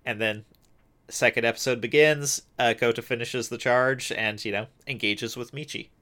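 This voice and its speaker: Relaxed man in casual chat. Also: medium pitch, normal speed. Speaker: co-host recapping a show.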